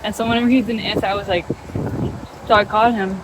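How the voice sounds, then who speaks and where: A chatty young woman rambles through a casual story time, her talk packed with fillers. Her voice sits at an ordinary middle pitch. Clear traffic noise from a street outside runs underneath. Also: fairly even intonation, a little fast, pauses often.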